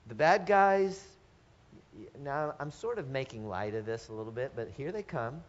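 A man's voice: medium pitch, animated, normal speed. Earnest middle-aged male preacher, lo-fi. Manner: earnest, asks the congregation rhetorical questions, restarts phrases. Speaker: pastor. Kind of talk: sermon. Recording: dull lo-fi sermon recording.

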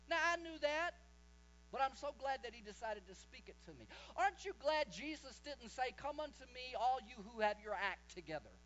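A man preaching a sermon, impassioned, slowing down and swelling his voice for emphasis. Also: very high-pitched, expressive, a bit bright, muffled recording.

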